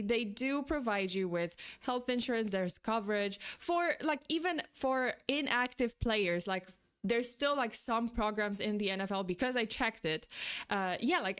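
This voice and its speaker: A young woman streamer with a fairly high voice, chatting casually with her viewers. She rambles, restarts her thoughts, and swears freely. Now and then she bursts into exasperated disbelief. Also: a bit bright. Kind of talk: casual livestream chat.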